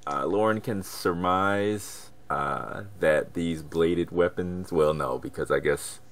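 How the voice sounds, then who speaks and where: A man's voice: low voice, slow pace. A man playing an online tabletop game, chatty and restarting his questions. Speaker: player. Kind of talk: casual tabletop play. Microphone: remote call microphone.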